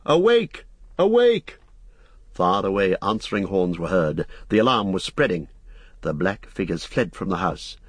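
A male audiobook narrator with a low, husky voice reads in a measured, even manner. The recording is dry and close, with no room sound. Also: dry recording. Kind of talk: scripted narration.

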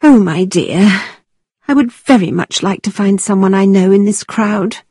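A woman's voice: medium pitch, unhurried, a little mellow, slightly rough, no echo, clean studio sound, voice pushed up. Woman reading as a plaintive older chaperone. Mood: wistful. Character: fussy older lady chaperone.

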